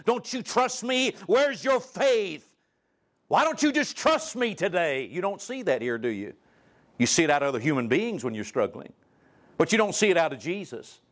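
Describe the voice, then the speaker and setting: A male guest preacher delivering a sermon, reading scripture aloud and asking the congregation direct questions, his pitch and loudness swinging widely. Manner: reads scripture aloud in old-style wording; asks the listeners direct questions.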